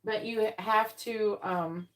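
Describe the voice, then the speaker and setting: A woman's voice: medium pitch, steady tone, slow pace. Blunt casual woman tarot reader. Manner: blunt, casual, swears, acts out quoted voices. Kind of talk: live-stream tarot reading.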